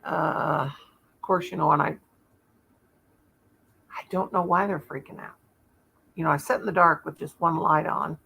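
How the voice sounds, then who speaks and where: A woman's voice: sits low, fairly even intonation, a little slow, creaky, pauses often, pushed and bright, a little hiss or hum. A woman hosting a casual live stream from home, rambling and chatting with viewers and often stopping to search for words. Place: home, in the dark with one light on.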